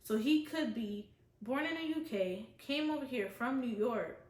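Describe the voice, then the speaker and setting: A woman's voice: on the high side, expressive, unhurried, roomy sound. A woman casually giving an opinionated, chatty review of a reality show. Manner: chatty, opinionated, quotes others in voices. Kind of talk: casual chat.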